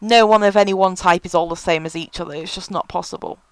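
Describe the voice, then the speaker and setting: Smooth-voiced woman vlogging. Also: on the low side, steady tone, quick pace, no echo, rough recording. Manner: frank and chatty, with many fillers. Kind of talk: casual advice vlog.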